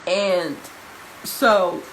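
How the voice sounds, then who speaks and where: A woman's voice: on the low side, very slow, a little hiss or hum, poor audio. A young adult woman vlogging, telling a personal story straight to her viewers in a casual, emphatic way and repeating phrases for stress. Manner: addresses viewers informally.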